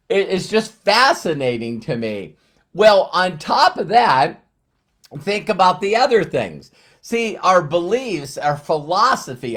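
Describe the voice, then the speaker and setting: A sixty-year-old man delivers a casual motivational talk in a fairly high voice. He speaks conversationally, leaning on fillers and drawing out key phrases for emphasis. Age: 60s.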